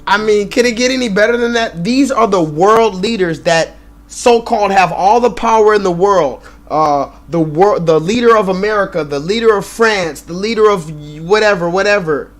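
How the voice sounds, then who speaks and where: A man's voice: high voice, moderate pace. A man hosting a live stream, ranting and swearing in loose commentary, repeating himself and laughing often.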